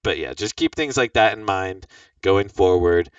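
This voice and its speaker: A man's voice: low voice, animated, normal speed, dry recording, far from the mic, muffled recording. A young man hosting a podcast, chatting in a loose, rambling way with lots of fillers. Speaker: podcast host. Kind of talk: casual chat about fantasy football.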